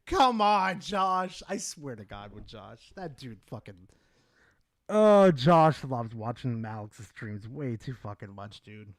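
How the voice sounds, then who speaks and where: A young man streaming live, excitable and swearing, swinging from loud shouts to low mumbles. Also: takes it slowly. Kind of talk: casual live-stream chat.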